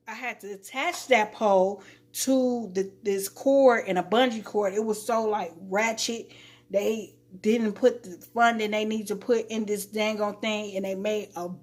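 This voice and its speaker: A young woman with a Chicago accent telling a story to her stream viewers in a casual, animated way, acting out quotes and laughing often. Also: mid-range voice. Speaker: live streamer.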